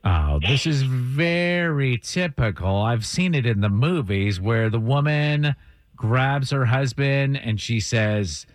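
A man's voice: mid-range voice, lively intonation, slow pace, background noise. A man hosting a morning radio show, telling a caller's story in an upbeat, theatrical way. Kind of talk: morning radio prank call segment.

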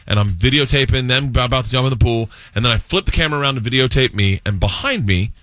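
A man telling a rambling, excited comic story as a guest, laughing often and restarting his sentences. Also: medium pitch, fast talker, no room sound. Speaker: guest comedian. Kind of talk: comic storytelling, pitching a sitcom idea.

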